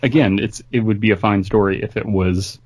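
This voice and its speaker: Low-voiced man chatting loosely. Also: fairly even intonation, fairly quick, darkish tone, husky, no echo. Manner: loose and rambling, full of fillers. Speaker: podcast co-host. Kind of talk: casual chat.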